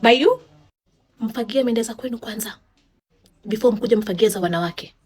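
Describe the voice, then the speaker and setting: A woman's voice: a little high, brisk, mellow, husky. A woman with a Kenyan accent giving a sarcastic, indignant opinion monologue, switching between English and Swahili. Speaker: social commentator.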